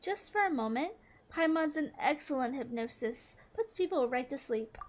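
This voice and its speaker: A woman's voice: high-pitched, expressive, normal speed. A young woman playing a game, reading dialogue aloud and adding playful, giggly, teasing commentary. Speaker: gaming streamer.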